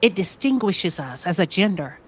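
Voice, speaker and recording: A woman's voice: on the low side, expressive, normal speed, a little hiss or hum. A woman with a Southern American accent hosting a live talk show, asking pointed, sassy rhetorical questions. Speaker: show host.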